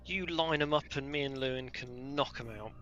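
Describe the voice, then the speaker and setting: A man's voice: mid-range voice, fairly quick, a bit bright, lo-fi sound. A man playing in an online tabletop game, wry and joking in casual chat. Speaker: player.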